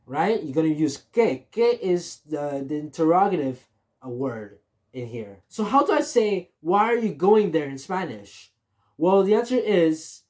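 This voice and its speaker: A Spanish teacher giving a casual beginner lesson, repeating each example phrase slowly and often checking in with "right?". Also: mid-range voice, animated, dark tone.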